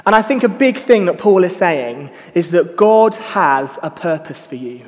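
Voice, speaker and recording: A man's voice: high-pitched, animated, unhurried, big-room sound. A young man giving a casual, self-mocking sermon full of personal stories. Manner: self-mocking, chatty storytelling. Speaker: preacher.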